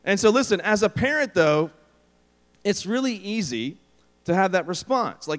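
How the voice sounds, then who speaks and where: A middle-aged pastor preaches a sermon in a somewhat high voice. He tells stories with animated delivery and acts out the quotes. His voice carries a long reverb from a large hall. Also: moderate pace.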